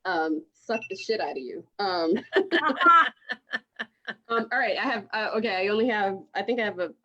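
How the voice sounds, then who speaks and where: A woman's voice: medium pitch, fairly quick. A woman doing a stand-up set over a video call, rambling and laughing through her own jokes. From outside the United States. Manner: rambling, self-mocking, laughs through lines. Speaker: stand-up comic. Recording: dull lo-fi video call audio.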